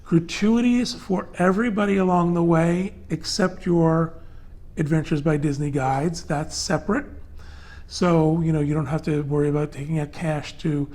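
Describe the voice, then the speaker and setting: A man's voice: a little high, fairly even intonation, moderate pace, a little mellow. A man hosting a casual panel podcast, talking loosely with fillers as he walks through prices and details step by step. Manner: chatty, loose and conversational with many fillers. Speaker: podcast host.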